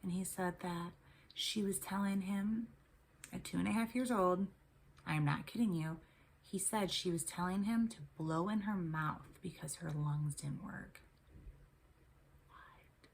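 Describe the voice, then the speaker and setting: Woman, casual vlog storytelling, rambling, low-pitched, gravelly. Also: unhurried. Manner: rambling, chatty, with many ums and restarts. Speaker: tarot and spirituality vlogger; mother of three.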